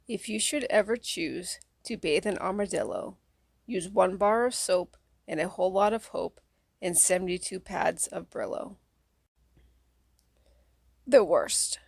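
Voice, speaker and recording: Female audiobook reader for children's verse; soft, even, unhurried, slightly gravelly, dry close mic. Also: medium pitch, no room sound. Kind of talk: reading children's poems aloud.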